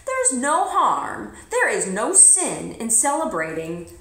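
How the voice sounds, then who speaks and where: A woman's voice: fairly high pitch, wildly swooping pitch, takes it slowly, fairly bright tone. A woman vlogger telling a personal story in a blunt, emphatic way, swearing freely. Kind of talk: casual storytelling to camera. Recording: roomy echo.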